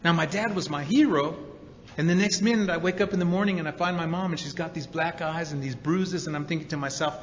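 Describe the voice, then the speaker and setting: High bright man telling stories in a hall. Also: fairly quick, slight background noise. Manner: animated storyteller, acts out quotes, many repeated 'and's. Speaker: recovery meeting speaker. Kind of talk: storytelling talk to an audience. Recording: dull recording in a hall with reverb.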